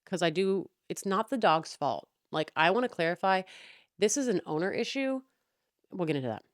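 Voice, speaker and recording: A young woman hosting a podcast, venting about a neighbor in a heated, profane, animated way. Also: on the low side, normal speed, no room sound, clean studio sound. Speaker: podcast host. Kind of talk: casual storytelling rant.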